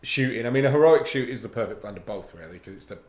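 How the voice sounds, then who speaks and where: A man's voice: medium pitch, lively intonation, fast talker, a little mellow. A man from Ireland co-hosting a live hobby stream, chatting casually, reading viewer comments aloud and laughing easily. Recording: roomy with faint background noise.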